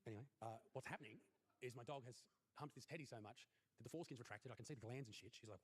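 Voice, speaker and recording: A young Australian man performing a stand-up comedy routine in a crude, mock-earnest way, his voice jumping high on the punchlines. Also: very animated, fast talker, sharp tone. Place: comedy stage.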